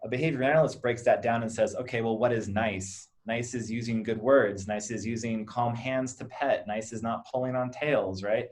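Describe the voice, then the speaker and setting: A man in his thirties speaking in a relaxed interview, walking through a family example step by step. His voice sits in an ordinary middle range, and he slips into brief acted-out lines of dialogue before checking in with the listener. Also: mid-range voice. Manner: explains with lively acted-out examples and repeated "right?". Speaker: behavior analyst, clinic co-owner. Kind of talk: casual interview talk.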